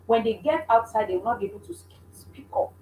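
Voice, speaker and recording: Woman, parenting coach, earnest and repetitive delivery, higher voice, faint room hum. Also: lively intonation, fast talker, a little mellow. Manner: earnest, repeats points, frequent restarts. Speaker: mother. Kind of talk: instructive parenting talk. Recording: echoey room.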